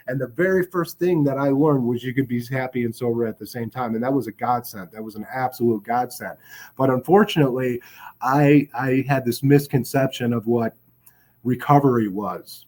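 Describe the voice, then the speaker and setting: A man's voice: medium pitch, fairly quick, darkish tone. A middle-aged man from the Chicago area, telling his recovery story as a podcast guest in an earnest, reflective way, with many restarts and filler words. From Chicago area, USA. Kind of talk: personal storytelling in a podcast interview.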